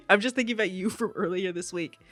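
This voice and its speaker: A woman's voice: medium pitch, fairly quick, no room sound. A woman co-hosting a podcast, chatting casually about a TV show, laughing often and quoting scenes. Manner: lively, laughs often, jumps in with quotes. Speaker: podcast co-host. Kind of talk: casual recap chat.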